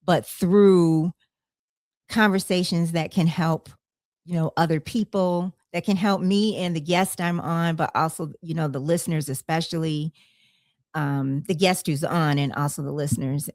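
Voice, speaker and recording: A low-pitched woman hosting a podcast, chatting over a video call. She rambles, circling back with fillers and restarts. The sound is dry and close. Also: unhurried, a little mellow, no echo. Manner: rambling, with many fillers and self-corrections. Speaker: podcast host. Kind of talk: casual conversation.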